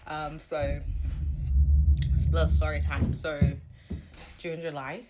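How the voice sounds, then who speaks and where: A woman's voice: low voice, little pitch movement, slow, heavy background noise. A woman in her thirties telling a candid, reflective personal story in a casual vlog at home. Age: 30s. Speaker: vlogger.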